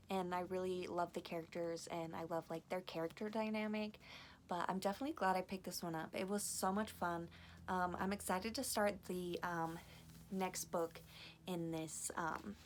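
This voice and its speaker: A woman book vlogger chatting casually, excitable and gushing, swearing freely and filling her talk with "like". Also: fairly low pitch, slight background noise. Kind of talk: casual vlog chat.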